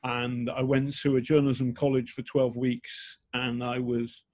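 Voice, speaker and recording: With a darkish, mid-range voice, flat delivery and measured pace, a man of around sixty from England speaks as a journalist guest in an interview. A slight northern English accent colors his candid, blunt, self-mocking stories, which are full of ums and restarts.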